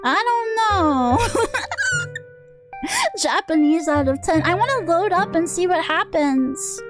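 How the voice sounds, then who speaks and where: A woman's voice: extremely high pitch, wildly swooping pitch, slow pace. A woman streamer giving casual, giggly gameplay commentary and swearing freely, with game music behind.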